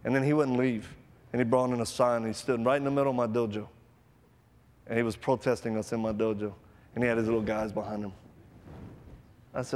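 A man preaching a sermon to a live audience, telling stories with acted-out voices and loud bursts, then leading an altar call. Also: mid-range voice, flat delivery, brisk, long pauses, in a large hall.

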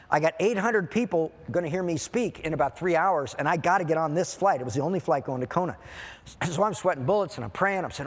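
Guy preaching, animated storyteller doing all the voices, higher voice, big hall reverb. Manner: animated, acts out dialogue in quoted voices. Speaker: pastor. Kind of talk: sermon storytelling.

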